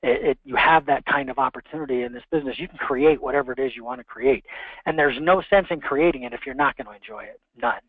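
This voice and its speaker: A man's voice: medium pitch, fast, no room sound. A middle-aged man on a coaching conference call, telling a personal story in a rambling, heartfelt way with many restarts. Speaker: mortgage professional on a coaching call. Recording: tinny phone line, dry.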